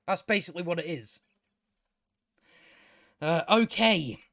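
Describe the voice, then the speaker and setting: A man's voice: on the high side, animated, a little slow, vocal fry, sharp tone, no echo, clean studio sound. A man hosting a casual spoken TV review, sarcastic and exasperated, swearing freely and restarting his sentences. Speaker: TV review channel host.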